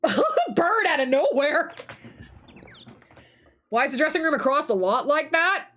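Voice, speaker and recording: Young woman streaming a game, laughy and sweary, kinda high voice. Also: sing-song, measured pace, a bit bright. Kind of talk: casual game-stream commentary.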